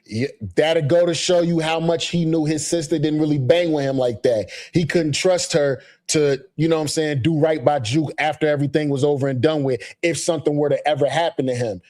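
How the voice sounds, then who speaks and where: A man's voice: fairly high pitch, fairly even intonation, fairly quick, few pauses, a little mellow. A man co-hosting a live TV recap stream, talking in a slangy, laid-back way and reading viewer comments aloud. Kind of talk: casual live chat.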